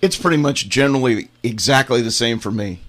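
A man's voice: medium pitch, brisk, a bit bright. A man co-hosting a casual podcast chat, joking and full of wry asides. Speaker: podcast co-host.

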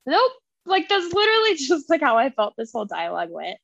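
High-pitched animated woman, dry lo-fi sound. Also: fast talker, vocal fry, no room sound. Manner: animated, acts out character dialogue. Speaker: podcast co-host. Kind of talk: casual book chat.

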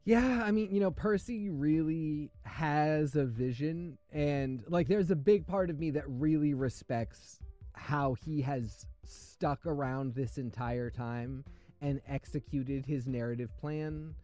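A man hosting a casual comics discussion, giving thoughtful, measured opinions. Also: on the high side, dark tone, no room sound, faint music behind. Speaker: host.

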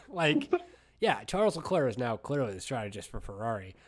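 A man's voice: mid-range voice, very animated, normal speed. A man co-hosting a casual motorsport podcast, teasing and laughing often. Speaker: podcast co-host. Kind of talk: casual chat.

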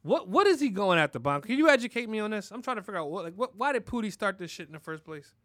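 A male podcast host in a casual, profane rant, repeating himself as he works up steam. His voice sits very high for a man and rings sharp and forceful. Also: sing-song, fast. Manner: heated, repetitive, swears constantly.

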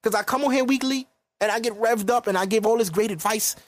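A man's voice: sits high, fast, dry recording. A man in his early thirties hosting a podcast, giving blunt, profane advice in an emphatic, lecturing rant. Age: 30s. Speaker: podcast host.

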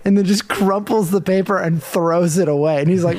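A man chats through a film scene by scene on a podcast, his voice sitting a little high. He acts out the characters' lines with lots of laughter. The talk stays casual and playful. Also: brisk, gravelly. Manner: animated, laughs often, acts out quotes. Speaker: podcast co-host. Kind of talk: casual movie recap chat.

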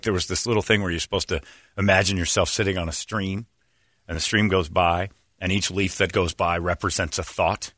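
A man's voice: sits low, bright, forceful tone, no room sound, clean studio sound. A man chatting casually on a talk show, rambling and poking fun at himself, with frequent fillers. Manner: rambling and self-mocking, many fillers. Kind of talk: casual group chat.

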